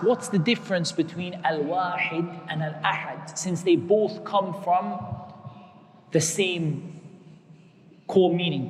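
A man with a high voice teaches a religious lesson, slowly repeating key words so they sink in. He works Arabic terms into his English as he explains. His voice rings out with a long echo, as in a large hall.

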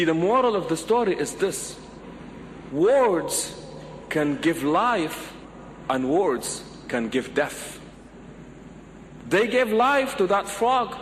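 High-voiced preacher man in a reverberant hall. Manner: animated, acts out pleading voices in stories. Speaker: Islamic preacher. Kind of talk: sermon with storytelling. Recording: long hall reverb, faint background noise.

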